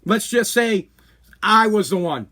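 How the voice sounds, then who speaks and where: A man's voice: high-pitched, animated, a little slow, bright, forceful tone. A man hosting a podcast, ranting bluntly and heatedly with profanity and lots of repetition. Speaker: podcast host. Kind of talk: opinion rant.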